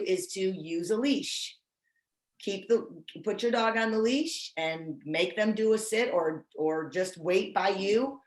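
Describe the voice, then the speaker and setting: A woman's voice: mid-range voice, a little mellow. Woman, dog trainer, casual video-call chat, roomy sound. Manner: chatty, self-deprecating, restarts often. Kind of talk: casual online training talk.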